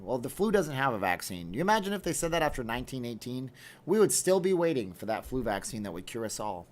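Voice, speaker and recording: A man with a mid-range voice chats through a casual livestream from home. He reads viewer comments aloud and answers them with a loose, jokey, wry manner. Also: mid-range voice. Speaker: livestream host.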